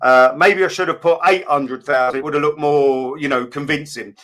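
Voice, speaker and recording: A middle-aged man, a guest talking candidly in a casual interview, often pausing on fillers and restarting. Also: a little high, steady tone, fairly bright tone. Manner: candid, plain-spoken, with many fillers and restarts.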